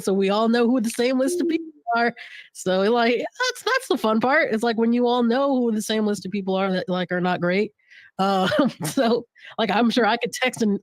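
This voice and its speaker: A woman's voice: mid-range voice, dry recording. A woman who directs a podcast network, talking in a candid, joking way on a casual panel, laughing often and restarting her phrases.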